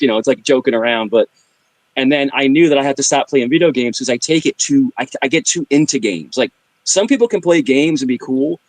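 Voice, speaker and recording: A man's voice: medium pitch, no echo. A middle-aged man telling funny stories in casual chat, full of sound effects and switching between voices. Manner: animated storyteller with vocal sound effects and voice switching. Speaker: livestream guest.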